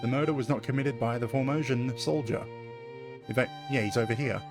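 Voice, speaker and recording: A man's voice: medium pitch, a little fast, music in the background. A man playing a video game and thinking aloud in casual commentary, often correcting himself. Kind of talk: let's-play commentary.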